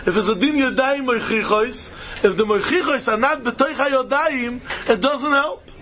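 A man's voice: very high-pitched, moderate pace, pushed and bright, a little hiss or hum. A man giving a Talmud lecture, emphatic and repetitive, chuckling as he explains. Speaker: Talmud teacher.

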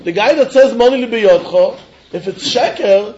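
High-voiced man giving a fast Talmud lecture. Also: a little mellow, muffled recording, slight background noise. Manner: rapid, emphatic, switching between English and Hebrew. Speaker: Talmud teacher.

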